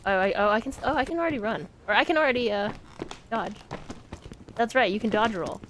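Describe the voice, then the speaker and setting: Speaking quickly in a fairly high, slightly bright voice, this woman plays a horror game on stream with game music and a bit of background noise. She chats casually, giggles and laughs often, and rambles with plenty of fillers.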